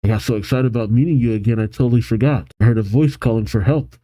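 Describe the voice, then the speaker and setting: A man hosting a manga reaction, reading the panels aloud and commenting with animated excitement. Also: medium pitch, quick pace, dry recording, poor audio. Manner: animated, reads character lines with excitement, laughs often.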